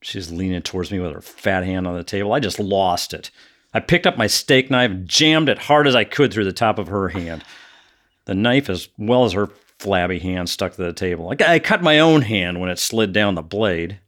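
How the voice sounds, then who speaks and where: An actor playing a brooding adult son who coldly recounts his killings in a flat tone, flaring into anger. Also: sits low, normal speed. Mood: coldly calm. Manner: flat, cold storytelling with bursts of anger. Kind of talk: audio drama acting.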